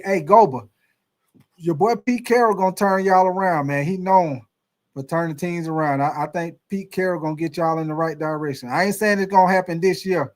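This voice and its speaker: A young man hosts a sports live stream, reading viewer comments aloud in an easygoing, drawling way. His voice sits a little higher than most men's. He talks loosely and casually, tossing in y'all and man. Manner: laid-back, drawling, addresses chat as y'all and man. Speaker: sports livestream host.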